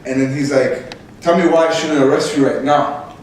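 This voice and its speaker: A young man, a podcast host, telling a story casually and with much laughter, his voice leaping high when excited. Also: moderate pace. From Canada. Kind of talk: casual storytelling among co-hosts. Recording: echoey room, distant mic, faint noise.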